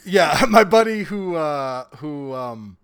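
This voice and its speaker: Give me an animated man in his forties with a fairly high voice, chatting as an interview guest. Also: slow, clear, resonant tone. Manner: animated storyteller, bursts of laughter. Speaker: author guest. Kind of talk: casual interview chat.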